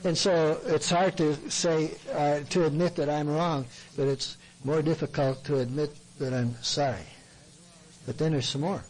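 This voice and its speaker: A man's voice: fairly high pitch, fairly even intonation, unhurried, darkish tone, poor audio. A man speaking as a Christian counselor, giving a plain-spoken, earnest sermon talk in a folksy way. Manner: earnest, folksy, acts out what people say to him.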